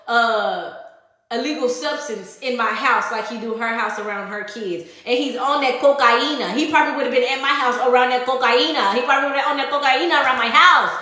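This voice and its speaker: A woman's voice: high-pitched, bright, forceful tone, heavy reverb. A woman telling a personal story in casual storytime style, blunt and full of profanity, acting out the voices of the people in it.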